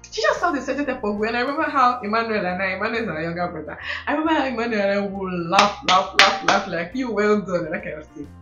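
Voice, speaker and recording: Medium-pitched and very fast with few pauses, the host's sister chats casually as a guest, spinning expressive stories, imitating people's accents and laughing a lot. It's recorded with a roomy, dull sound and faint music behind her.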